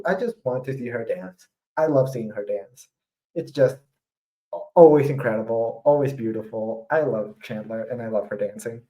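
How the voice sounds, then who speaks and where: A man's voice: mid-range voice, normal speed, warm tone, poor audio. A man co-hosting a casual podcast, enthusiastic and effusive, with casual swearing now and then. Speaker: podcast co-host. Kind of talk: casual chat.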